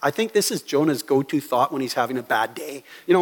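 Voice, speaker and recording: A pastor preaching a sermon, talking conversationally with asides and reading scripture aloud. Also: male voice, mid-range voice, expressive, fast talker, hardly any pauses, big-room sound. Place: church sanctuary.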